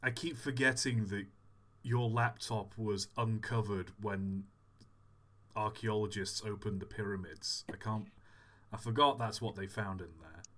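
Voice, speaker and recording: A man's voice: lowish voice, measured pace, a bit bright. A man hosting a livestream, reading chat and teasing his co-host with dry humor. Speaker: streamer host.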